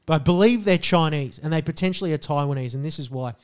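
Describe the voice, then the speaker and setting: A man telling a story on a casual podcast. He swears freely and is animated, with loud bursts when he quotes people. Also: fairly high pitch, fast talker, clear, resonant tone. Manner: animated, profane, jumps into loud voices when quoting people. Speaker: podcast co-host.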